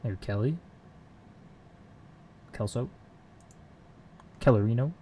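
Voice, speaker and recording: A man's voice: mid-range voice, takes it slowly, mellow, a little hiss or hum. A man on a casual live stream, muttering code aloud to himself while he works and chatting with viewers from a home computer room.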